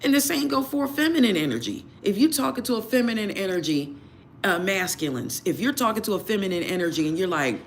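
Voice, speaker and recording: A man's voice: sits high, lively intonation, fast, a little hiss or hum. A man giving blunt dating advice during a live tarot reading. He repeats his points and asks many rhetorical questions. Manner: emphatic, repeats phrases, fires rhetorical questions. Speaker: tarot reader.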